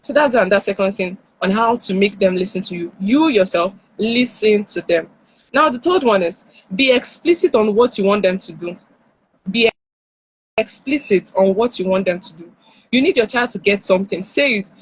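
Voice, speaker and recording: A woman with a Nigerian accent speaks to parents on a live stream, lively, and she acts out the lines of parents and children. Her voice is a little husky. It sits close and dry, with no room around it. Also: mid-range voice, moderate pace, dry recording, low-quality recording. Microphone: phone or headset on a live stream.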